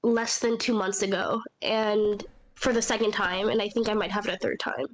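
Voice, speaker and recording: A woman's voice: medium pitch, steady tone, normal speed, poor audio. A woman with a stuffy nose from a cold, chatting casually and teasing her friend on a call. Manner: teasing, goofy. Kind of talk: casual chat.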